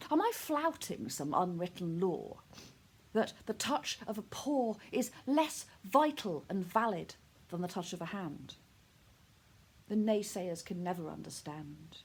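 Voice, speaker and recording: Woman poet, unhurried, gentle and hushed, grieving recitation. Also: on the low side, husky. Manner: soft, hushed, intimate delivery; heartfelt, grieving tone. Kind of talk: poetry recitation.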